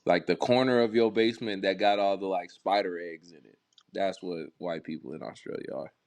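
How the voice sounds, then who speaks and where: A man's voice: brisk, darkish tone. Blunt mocking man, casual chat. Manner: blunt, mocking, jumps into high put-on voices. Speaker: co-host.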